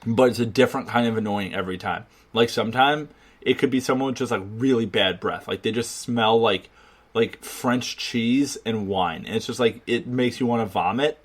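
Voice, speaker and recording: Podcast co-host, male, mid pitch, loose rambling delivery full of fillers and swearing. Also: moderate pace. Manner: rambling, heavy on filler words, profane. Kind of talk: casual chat.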